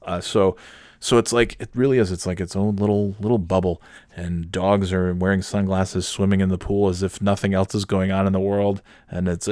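A man's voice: sits low, level tone, moderate pace, mellow, no room sound, studio quality. A man hosting a podcast, rambling through a profane, sarcastic comedic rant. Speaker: podcast host.

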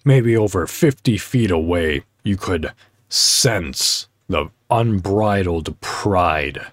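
A man with a low voice hosts his own podcast and talks unhurriedly. He rambles in a heartfelt way, full of ums and restarts. The sound is dry and close, with no room around it. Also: expressive, takes it slowly, no echo. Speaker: podcast host. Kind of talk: casual solo podcast talk.

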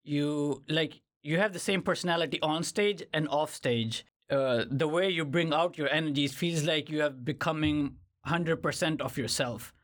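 Podcast host, casual interviewer, lots of fillers, mid pitch. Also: normal speed, few pauses. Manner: casual, filler-heavy questions.

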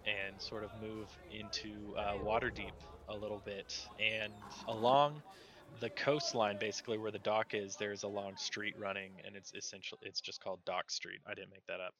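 A man narrating a tabletop game as game master in a relaxed, rambling way with fillers. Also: fairly low pitch, normal speed, a crowd in the background.

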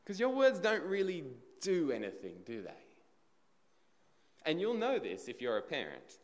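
A male preacher delivering a sermon with a fairly high, very lively voice that rises and falls constantly. He talks to the congregation conversationally and keeps asking them rhetorical questions. His voice rings out with a long reverb, as in a large hall. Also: a little slow.

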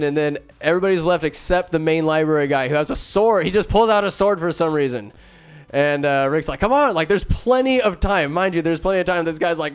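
A man casually retelling a movie plot with sarcastic, jokey asides, jumping between loud bursts and muttered remarks. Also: on the high side, clear, resonant tone. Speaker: movie recapper. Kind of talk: casual comedic movie recap.

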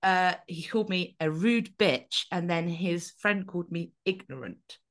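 A woman co-hosting a podcast, telling a story in an animated, sweary, casual way. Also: on the low side, measured pace. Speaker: podcast co-host. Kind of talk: casual chat.

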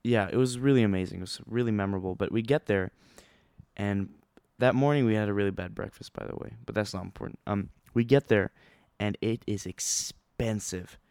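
A man's voice: lowish voice, fairly quick, clear, resonant tone, dry recording, studio quality. Young man telling a rambling story. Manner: rambling, excitable, many fillers and restarts. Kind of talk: casual storytelling vlog.

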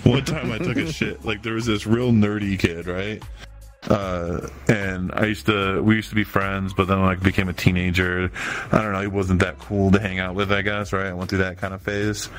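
A man's voice: deep voice, steady tone, normal speed, a bit bright. A young man chatting on a podcast, stoned, telling rambling profane stories and laughing. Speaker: podcast host. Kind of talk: casual chat, storytelling.

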